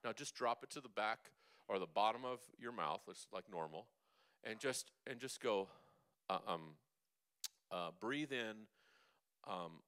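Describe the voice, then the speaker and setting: A man's voice: lowish voice, animated, a little slow, pauses often, fairly bright tone, clean tone. A man coaching a group through breathing and humming exercises, upbeat and coaxing, demonstrating the sounds himself. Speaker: vocal coach. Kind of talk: leading a group vocal workshop. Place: church hall.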